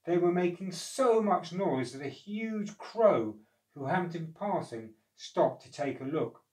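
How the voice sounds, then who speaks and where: Slow gentle storyteller man, echoey room. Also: a little high, lively intonation. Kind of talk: reading a storybook aloud. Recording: echoey room, distant mic.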